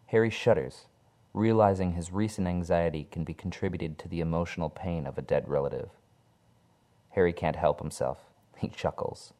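A man reading a horror story aloud in a dark, measured storytelling manner. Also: sits low. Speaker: narrator.

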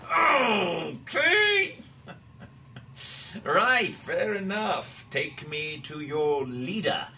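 An actor playing a smug, sharp-witted male doctor held captive, arch and theatrical. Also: high-pitched, big pitch swings, very slow, far from the mic, slight background noise, full character voice. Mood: mocking.

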